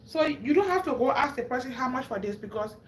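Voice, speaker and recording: A woman's voice: high voice, lively intonation, quick pace, a little hiss or hum. A woman from Africa with an African English accent, chatting casually and talking straight to her viewers on a live stream. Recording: echoey room, faint ambience.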